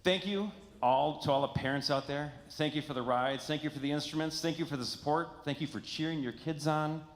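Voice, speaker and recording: A man's voice: a little high, a little fast. A man, a band director, speaking upbeat to students and parents at a school concert in a performing arts center. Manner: upbeat, addressing audience and students. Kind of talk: concert emcee remarks. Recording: echoey hall, faint crowd and noise.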